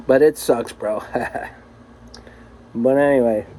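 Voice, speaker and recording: A man's voice: medium pitch, fairly even intonation, drawn-out words, darkish tone, slight background noise, rough recording. A man recording a casual, rambling video message to a friend, swearing freely and laughing often. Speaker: vlogger.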